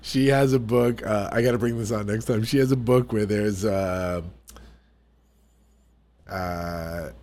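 A man from the New York area, telling family stories in casual podcast chat, animated and full of restarts. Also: on the low side, measured pace, pauses often. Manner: animated storyteller, restarts sentences.

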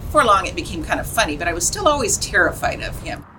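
A woman's voice: very animated, fast. An older woman being interviewed outdoors on a downtown street, rambling through childhood memories in a matter-of-fact way. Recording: distant mic with loud traffic rumble.

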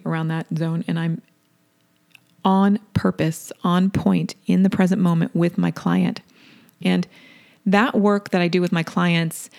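Slow, gravelly-voiced woman podcast host. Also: on the low side, darkish tone. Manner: slow, deliberate, affirming, repeats key phrases. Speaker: podcast host and wellness coach. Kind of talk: solo podcast monologue.

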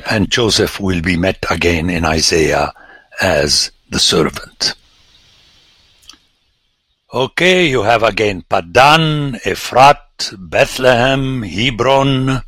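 A man, a priest, giving a lecture on scripture with animated, theatrical emphasis and sudden exclamations. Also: fairly low pitch, takes it slowly, husky, no echo.

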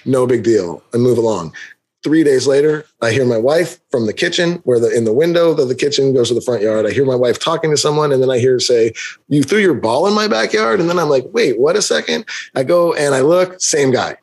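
A man's voice: mid-range voice, fairly quick, a little mellow. A man co-hosting a podcast, telling a long story in casual chat and acting out the quotes with big jumps in his voice. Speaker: podcast co-host.

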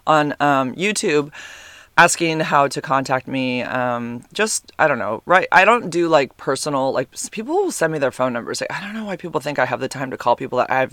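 A man hosting a podcast in casual chat, rambling and full of fillers, animated and quick to exclaim, speaking a little back from his microphone. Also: mid-range voice, no room sound. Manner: animated, exclaims and laughs often. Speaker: podcast host. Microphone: podcast microphone, sitting a bit back from it.

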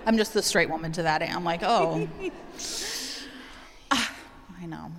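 A woman co-hosting a live podcast show on stage, chatty and quick with asides and laughs. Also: lowish voice. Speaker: podcast co-host. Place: large hall with live audience. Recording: long hall reverb, audience crowd.

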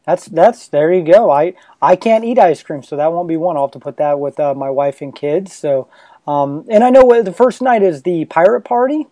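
Mellow man, dry close sound. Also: fairly high pitch, normal speed, dry recording. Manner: chatty interviewer asking follow-up questions. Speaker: podcast host. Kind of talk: casual chat.

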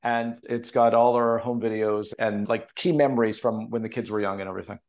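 A man's voice: on the low side, a little fast. A man from Canada, a TV producer and author, telling emotional stories in a casual podcast interview over a remote call. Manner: animated, emotional storytelling.

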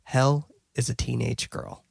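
A man's voice: medium pitch, flat delivery, unhurried, gravelly, a little mellow, slightly rough, no echo, studio quality. A man hosting a podcast, casually recapping film scenes, often restarting phrases and laughing. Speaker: podcast host.

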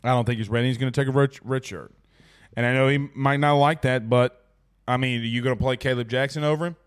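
A man's voice: medium pitch, fairly even intonation, fast, smooth. A man hosting a casual sports talk stream, chatting loosely as he reads out viewer comments. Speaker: sports talk show host.

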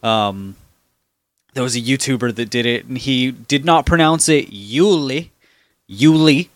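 A man's voice: medium pitch, normal speed, fairly bright tone, dry recording. A young man co-hosting a casual podcast, chatty and rambling, swearing offhandedly. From Florida. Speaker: podcast co-host. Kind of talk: casual chat.

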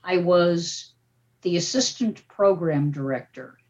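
Animated older woman on a muffled line. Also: lowish voice, slow. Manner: animated, emphatic, frequent "okay?" tags. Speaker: guest, media professor. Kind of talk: casual podcast talk. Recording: dull, muffled audio.

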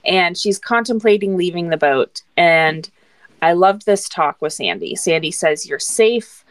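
A woman's voice: lowish voice, lively intonation, measured pace, no room sound. A woman co-hosting a podcast, narrating episode events in a casual recap with frequent laughter. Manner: laughs often, narrates plot. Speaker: podcast co-host.

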